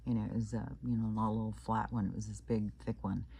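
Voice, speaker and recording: A man from Kansas tells a creepy story in a loose, casual way, full of fillers and restarts. His voice is dark and mellow, with a husky edge. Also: fairly low pitch, flat delivery, fast. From Kansas, United States. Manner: rambling, many fillers and restarts. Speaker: channel host.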